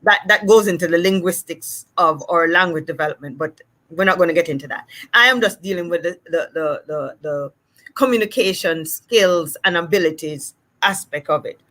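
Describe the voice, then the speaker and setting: A woman from Jamaica with a Jamaican accent, a speech-language pathologist explaining things in a casual, animated way and acting out examples. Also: lowish voice, moderate pace. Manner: animated, acts out examples in different voices.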